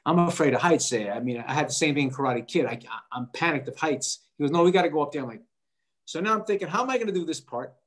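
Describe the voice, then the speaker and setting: Animated man telling a story. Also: a little high, fast talker. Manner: animated, acts out quoted voices. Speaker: actor guest. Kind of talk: casual interview storytelling.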